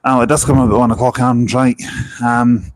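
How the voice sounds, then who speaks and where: Holding a wireless mic at a bus station, this vlogger chats earnestly on a casual live stream, frequently starting over mid-thought. He speaks fairly quickly in a flat, mid-range voice, and the rough recording carries a bit of hiss or hum.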